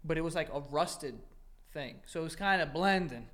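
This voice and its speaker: A man's voice: a little high, expressive, moderate pace, a bit bright. Casual, cursing man in his thirties. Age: 30s. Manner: loose, profane storytelling. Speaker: podcast co-host. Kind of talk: casual chat.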